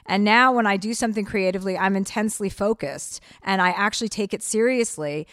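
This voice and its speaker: A woman's voice: mid-range voice, fairly quick, fairly bright tone, no room sound, studio quality. A middle-aged woman from New Jersey, a comedian chatting bluntly and profanely in an interview. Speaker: comedian guest. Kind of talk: casual interview chat.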